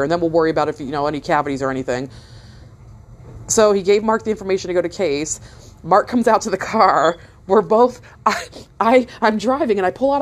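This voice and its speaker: A woman in her thirties with a slightly low voice recounts a story in a loose, rambling way. She swears freely and trips over her own words, and her pitch rises and falls as she gets animated. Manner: rambling, profane, animated retelling with many fillers. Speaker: mother telling a story. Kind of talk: casual storytelling.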